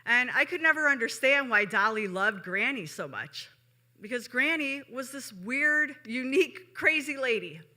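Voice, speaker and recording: Woman, Chicago-raised storyteller, live show, chatty asides to the audience, very bright sharp tone. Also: sits high, lively intonation, moderate pace. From Chicago, USA.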